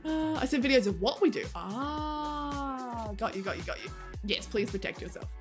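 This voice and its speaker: Lively, chatty woman livestreamer. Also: sits high, moderate pace, music in the background. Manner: chatty, laughs often, swears casually, reads chat aloud. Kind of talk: casual chat with live viewers.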